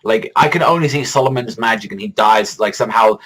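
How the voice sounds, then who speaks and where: A man hosting a manga reaction video in excitable, rambling casual commentary, swearing a lot and stacking fillers. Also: medium pitch, fairly quick, rough recording. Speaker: manga reaction channel host.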